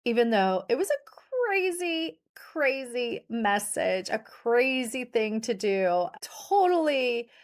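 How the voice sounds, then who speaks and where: A woman's voice: fairly high pitch, sing-song, slow pace, hardly any pauses. A woman hosting a solo podcast, talking earnestly and telling personal stories to coach her listeners. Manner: earnest, personal storytelling with occasional laughs. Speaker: podcast host and pet-business coach.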